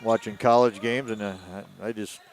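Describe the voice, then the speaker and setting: Rambling former coach doing color commentary. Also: male voice, fairly low pitch, fairly even intonation, brisk, a little hiss or hum. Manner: rambling with many restarts and stumbles. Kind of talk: live basketball commentary.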